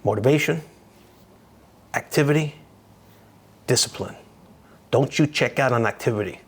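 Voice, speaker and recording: An American man lecturing on real estate with punchy, upbeat energy. He talks straight to his students and drives key phrases home by repeating them. His voice sits at an ordinary male pitch. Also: moderate pace, slightly rough.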